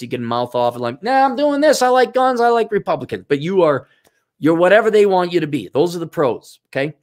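A man's voice: fairly high pitch, a little mellow. A man giving casual, blunt advice in a rambling way, often stopping and restarting his sentences.

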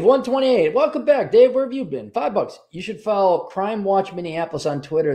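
Casual American man reading chat. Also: a little high. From United States. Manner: offhand, wry, lively commentary. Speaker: livestream host reading paid chat messages.

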